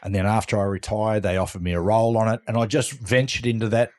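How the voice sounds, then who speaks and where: Aussie bloke telling footy yarns, lowish voice, does everyone's lines. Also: male voice, flat delivery, quick pace. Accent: Australian. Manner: yarn-spinning, acts out quoted lines, laughs loudly. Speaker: podcast guest, former footballer. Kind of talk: casual storytelling.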